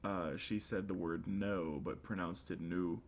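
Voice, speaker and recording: Co-host, man with a slight Southern drawl, low voice, crude and sweary. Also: steady tone, measured pace, a little hiss or hum. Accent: light Southern US. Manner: profane, crude ranting. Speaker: podcast co-host. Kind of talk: casual chat.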